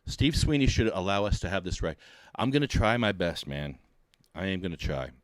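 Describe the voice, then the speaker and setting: Low-voiced joking podcast host. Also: male voice, very animated, moderate pace, no echo, clean studio sound. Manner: jokey and laughing, talks in bursts. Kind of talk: casual podcast chat.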